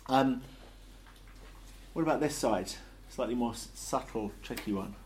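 A man leading an interactive Bible study, lively and jokey, asking the group questions. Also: mid-range voice, measured pace.

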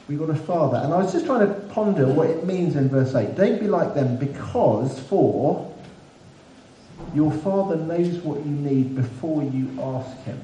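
Male preacher, chatty sermon delivery with wry humour, mellow tone, roomy echo from a distant mic. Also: fairly high pitch. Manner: conversational, self-deprecating humour. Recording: echoey room, mic at a distance, faint background hiss.

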